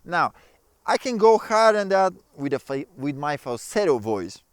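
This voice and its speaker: Chatty man with a smooth voice. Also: on the high side, moderate pace, no echo. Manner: relaxed, chatty, non-native phrasing. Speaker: ukulele teacher. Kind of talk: casual tutorial explaining.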